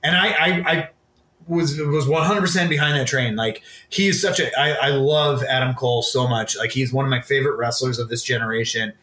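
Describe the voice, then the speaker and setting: A man with a bright, forceful voice talking as a podcast co-host, loose and giggly with enthusiasm. The sound carries a roomy echo. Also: medium pitch, fairly quick. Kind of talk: casual chat.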